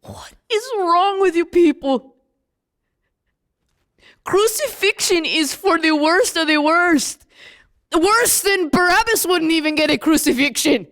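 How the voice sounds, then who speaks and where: Woman as a grieving, indignant apostle, high voice, slow and emphatic. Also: expressive, fairly bright tone, full character voice. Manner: emphatic and indignant, talks straight to the listener. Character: young apostle John, a man, grieving and indignant. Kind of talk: dramatic first-person monologue.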